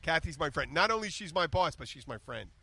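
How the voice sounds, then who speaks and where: Bright-voiced joking male podcast host. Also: on the high side, brisk, gravelly, breathy edge. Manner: joking, excitable, teasing. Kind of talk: casual chat. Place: bar in the Florida Keys.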